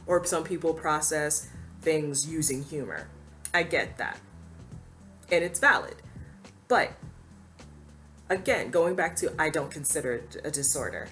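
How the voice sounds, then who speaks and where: A woman's voice: sits low, measured pace, long pauses, fairly bright tone, soft background music. A woman giving earnest, emphatic opinion commentary to camera, now and then quoting others in a mocking voice. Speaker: commentary YouTuber.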